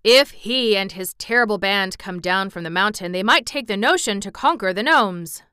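A woman voicing a suspicious, anxious male gnome king in a storybook reading, with loud emphatic exclamations. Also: medium pitch, expressive, normal speed, clear, resonant tone, no room sound, clean studio sound.

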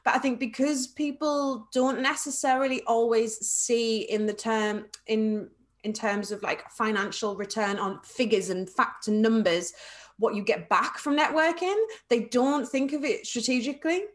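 A woman with a Liverpool accent chats as an interview guest about her work training people in networking. She speaks in a fairly high voice, lively and quick to laugh. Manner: lively, chatty, laughs often. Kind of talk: casual interview chat.

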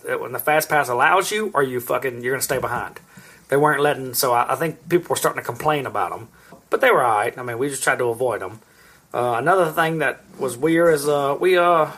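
A man's voice: fairly high pitch, pushed and bright, breathy edge. A man in his thirties, a podcast co-host, telling long rambling stories in casual chat and swearing freely. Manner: rambling storyteller, swears a lot.

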